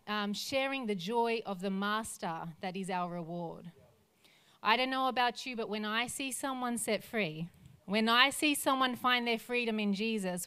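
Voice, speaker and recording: An Australian woman pastor delivers a sermon in an earnest tone, stacking up lists of phrases as she builds to a stirring finish. Her voice sits somewhat high and sounds smooth and slightly bright.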